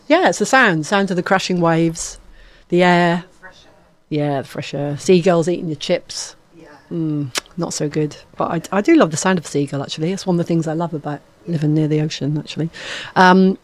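A woman hosts a local radio show from the studio, her voice sitting a little low and sounding close and dry. She chats loosely, full of fillers and little restarts. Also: dry recording. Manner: chatty, rambling with fillers and self-corrections. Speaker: radio presenter. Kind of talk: casual radio chat.

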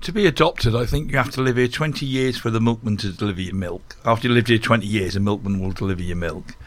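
A man's voice: fairly low pitch, fast talker. A man in his sixties with a Norfolk accent, telling wry stories about local life in a radio studio. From Norfolk, England. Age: 60s.

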